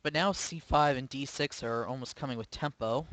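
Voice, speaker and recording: A man's voice: medium pitch, normal speed, a bit bright, low-quality recording. A man commentating his own online chess game live, thinking aloud with hesitant, self-questioning remarks. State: sleepy, yawning. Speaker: chess streamer.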